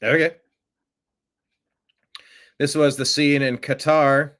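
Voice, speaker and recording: A man's voice: medium pitch, slow pace, pauses often, a bit bright. Wry man hosting news commentary. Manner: wry, offhand, mocking asides. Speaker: political commentary show host.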